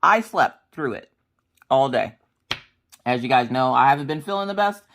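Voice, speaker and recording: A woman's voice: a bass voice, animated, normal speed. A woman in her thirties chatting casually while she crafts, rambling through family stories and acting out the dialogue. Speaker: crafting vlogger.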